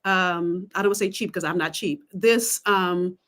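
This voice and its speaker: A woman business coach pitching her coaching program on a livestream, emphatic and preacherly, calling out to the audience. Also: normal speed, fairly bright tone. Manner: emphatic, testifying, calls out to the audience.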